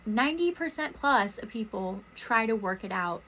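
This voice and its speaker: A woman in her thirties, a therapist and podcast host from Washington State, speaking softly and emotionally in a rambling, reflective personal monologue. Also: a little high, expressive, normal speed, slight background noise, rough recording. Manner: soft, emotional, rambling with many fillers.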